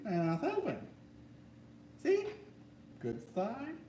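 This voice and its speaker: A man's voice: extremely high pitch, huge pitch swings, slow, dark tone. Joking man hosting from across a room. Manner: goofy, joking banter. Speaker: host. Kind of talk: casual chat. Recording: echoey room, mic far off, faint noise.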